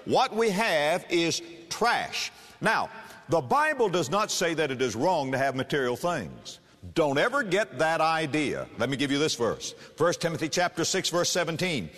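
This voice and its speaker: A man preaching with a lively, swooping delivery, reading scripture slowly and then driving his points home quickly. His voice sits a little above the usual male pitch. A long reverb trails each phrase, as in a large hall. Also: soft background music. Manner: animated, emphatic preaching with varied pace. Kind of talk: sermon.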